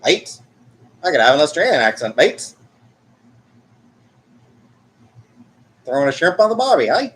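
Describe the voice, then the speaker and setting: A man's voice: fairly high pitch, big pitch swings, quick pace, a bit bright. A man putting on an exaggerated, self-mocking mock-Australian bloke voice as a joke. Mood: playful.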